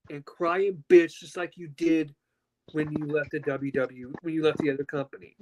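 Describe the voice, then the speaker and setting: A man co-hosting a podcast from home, ranting loudly and angrily with a lot of swearing. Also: a little high, moderate pace, noisy background. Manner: loud, profane, animated ranting. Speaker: podcast co-host. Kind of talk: heated podcast rant. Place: at home with his dog.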